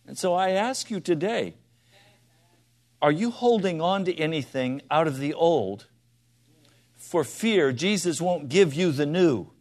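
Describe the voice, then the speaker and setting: Speaking at a measured pace with long pauses, a preacher with a slightly high, animated voice addresses direct questions to his audience. His sermon moves between soft, quiet asides and loud, insistent appeals.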